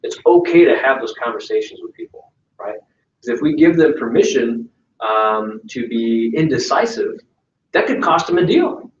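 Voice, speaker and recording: With a mid-range, expressive voice at a moderate pace, a sales trainer speaks informally to a live audience in a meeting room. He checks in with "right?" again and again and role-plays client calls, all captured in an echoey, distant, dull room recording.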